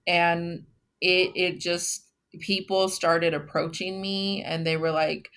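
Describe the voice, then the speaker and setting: A woman from Texas, founder of a memorial, telling her story earnestly in a casual interview with many pauses. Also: on the low side, flat delivery, a bit bright, clear, resonant tone.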